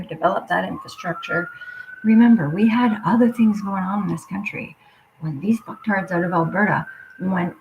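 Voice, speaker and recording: A woman's voice: medium pitch, creaky, a little mellow, slight background noise, rough recording. Swearing woman ranting in whispers. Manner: swears constantly, drops into muttered whispers. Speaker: livestreamer. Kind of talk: angry profane rant.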